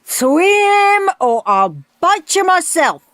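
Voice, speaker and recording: A woman voicing a gruff, bossy male swimming instructor who shouts and snarls at the children. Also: extremely high pitch, big pitch swings, extremely slow, no room sound, studio quality, voice pushed up, heavily acted. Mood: bellowing.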